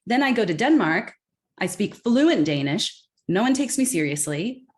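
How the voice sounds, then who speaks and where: A woman's voice: medium pitch, sing-song, normal speed. A woman from California with a general American accent, a guest speaking emphatically in an interview and acting out the voices she quotes. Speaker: guest expert. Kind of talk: conversational interview.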